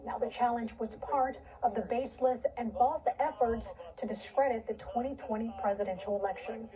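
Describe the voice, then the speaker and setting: A woman reading the news as a TV anchor in a measured, formal way. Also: a little high, steady tone, crowd noise. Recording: dull, distant TV audio.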